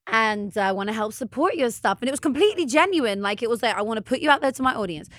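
A woman guest on a podcast who tells a story with excitement, swears freely and acts out what people said. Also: a little high, quick pace, no echo. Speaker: guest, motivational speaker. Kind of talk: animated storytelling in casual chat.

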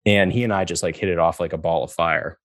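A middle-aged man with a very low voice tells stories in a relaxed chat, and he acts out every quote. The sound is close and dry, with no room around it. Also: fast talker, no echo. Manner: animated, acts out quotes, laughs often. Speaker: guest. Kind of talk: casual storytelling interview.

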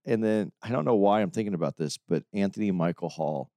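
Man, podcast co-host, animated intonation, dry sound, laughs a lot. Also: lowish voice, a little fast, no room sound. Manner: laughs often, lively banter. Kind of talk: casual chat.

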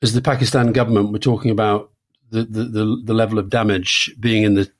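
A man's voice: lowish voice, little pitch movement, brisk. A man in his sixties co-hosting a political podcast, chatting casually with lots of restarts and fillers. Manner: conversational, with frequent restarts and fillers. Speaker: podcast co-host.

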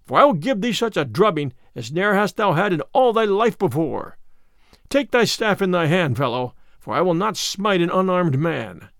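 A man's voice: high voice, very animated, normal speed, a bit bright, no room sound, clean studio sound, exaggerated voice. A man voicing a big, bold outlaw yeoman who boasts and threatens in old-fashioned speech. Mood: angry.

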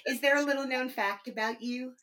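A woman's voice: high voice, brisk, a bit bright. Woman, podcast host, effusive, gushing, studio mic. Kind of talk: interview and show outro.

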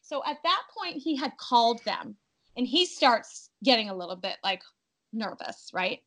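Brief: bright, forceful young woman, lively storyteller, slightly high voice. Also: normal speed, rough recording. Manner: animated, acts out her own past cries in quotes. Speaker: podcast guest telling her birth story. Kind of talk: casual storytelling.

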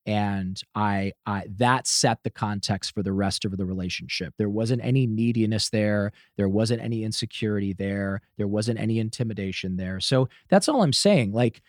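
A man guest on a podcast, telling a personal story with lively swearing and acted-out quotes. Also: on the low side, normal speed, hardly any pauses, no room sound, studio quality. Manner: swears freely, acts out shouted quotes. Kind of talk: animated storytelling.

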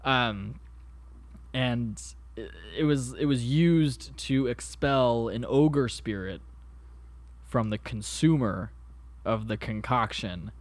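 Speaking slowly in a mid-range voice with no echo, a male co-host of a laid-back comedy podcast records from his apartment on a podcast mic. He meanders through joking anecdotes and swears offhandedly.

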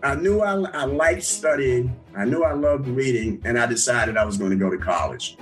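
An older man telling his life story in a relaxed interview, with many restarts and small chuckles. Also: medium pitch, normal speed, faint music behind, poor audio. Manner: conversational, with frequent restarts and chuckles. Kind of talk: recalling his past in an interview.

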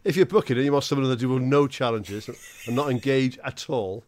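A man's voice: mid-range voice, fairly quick, a little mellow. A man joking around as a podcast co-host, swearing a lot and laughing through crude banter.

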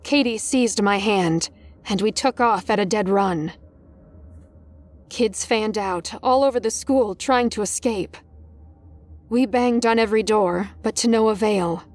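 A woman's voice: medium pitch, measured pace. A woman narrating a first-person horror story in a tense, dramatic manner. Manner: tense, dramatic, rising in panic.

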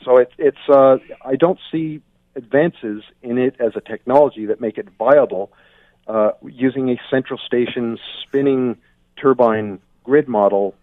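A man's voice: mid-range voice, unhurried, no room sound. A man from Ontario giving blunt, opinionated commentary over the phone, often restarting his sentences. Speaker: guest commentator. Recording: tinny dry phone line.

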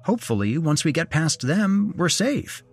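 A man voicing a steady, reassuring group leader in a horror audio story. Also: on the high side, moderate pace, faint music behind, pitched above the performer's own voice. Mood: determined. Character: take-charge man, calm group leader.

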